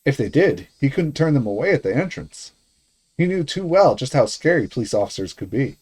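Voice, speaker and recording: A man's voice: medium pitch, sing-song, fairly quick, a little mellow, husky. A male streamer reading a visual novel's narration aloud.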